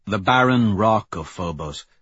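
A man reading a novel aloud as a first-person audiobook narrator, in a steady, measured way. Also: lowish voice, slightly rough, no room sound, muffled recording.

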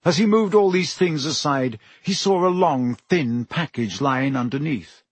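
A man narrating a storybook in a steady, descriptive storytelling manner on a close mic. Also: on the high side, unhurried, husky, no room sound. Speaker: audiobook narrator. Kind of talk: scripted narration.

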